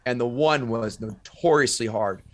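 A man who is a stand-up comic, a guest on a podcast, telling stories in a lively way and acting out the voices. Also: medium pitch, normal speed. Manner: animated storyteller, acts out voices. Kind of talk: casual storytelling chat.

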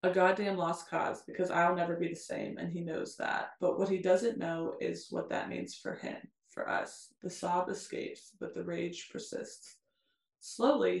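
A woman co-hosting a podcast reads a dark novel aloud, her voice carrying a gravelly edge. She keeps a steady reading pace and stops now and then for asides. The sound is roomy, with echo off the walls. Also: on the low side, unhurried. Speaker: podcast co-host.

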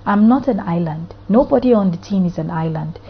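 A woman's voice: on the low side, expressive, fairly quick, slightly rough, muffled recording. A woman therapist from Africa speaking earnestly in a podcast monologue, piling up rhetorical questions.

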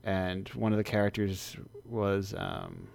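A man's voice: fairly low pitch, huge pitch swings, vocal fry, a little mellow, dry recording. A man chatting casually on a podcast, rambling with restarts and frequent laughter. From United States. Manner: rambling, halting, often laughing. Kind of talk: casual chat.

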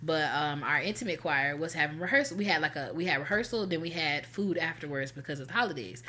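A woman's voice: low-pitched, fast, slight background noise. A woman co-hosting a casual chat show, telling a story with lots of slang and acted-out quotes. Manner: animated, slangy, acts out quotes. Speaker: podcast co-host.

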